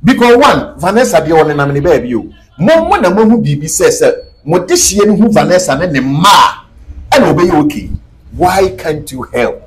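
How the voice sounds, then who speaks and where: A man's voice: a little high, sing-song, normal speed, crowd noise. A man with a Ghanaian accent, speaking as an interview guest in an emphatic, preachy way and mixing Twi and English. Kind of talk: animated interview talk.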